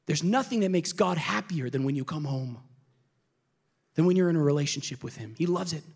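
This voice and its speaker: Husky, energetic man preaching a sermon. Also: a little high. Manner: energetic, emotional preaching with quick asides to the congregation. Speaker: pastor. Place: church service.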